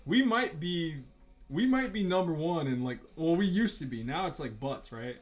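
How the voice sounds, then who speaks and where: With soft music playing in the background, an artist vlogger sketches and rambles through stories, swearing often and leaning heavily on fillers. His voice runs on the high side and is expressive, at a moderate pace.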